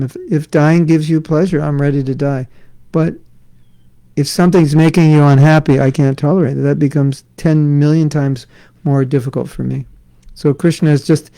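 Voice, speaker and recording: A man's voice: on the high side, mellow, low-quality recording. A middle-aged man giving a scripture class, conversational and joking with his listeners. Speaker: spiritual teacher. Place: class in Florida.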